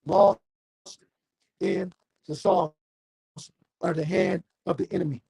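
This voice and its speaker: A man's voice: high voice, steady tone, slow, vocal fry, dark tone, husky, no echo. A man giving a fiery, confrontational street sermon, reading scripture aloud and calling on listeners. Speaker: street preacher.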